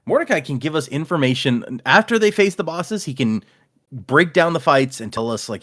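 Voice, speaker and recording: A man's voice: a little high, expressive, normal speed, fairly bright tone. A man hosting a casual book podcast who recaps the plot and acts out characters' lines. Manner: recaps the plot, acting out quotes. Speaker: podcast host. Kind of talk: casual book-club chat.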